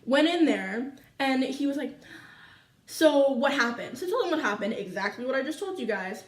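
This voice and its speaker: A teenage girl from Canada telling a school story to her viewers in a chatty, animated way full of fillers. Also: high-pitched, fairly quick, roomy sound, far from the mic. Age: teens. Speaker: vlogger. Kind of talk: casual storytime chat.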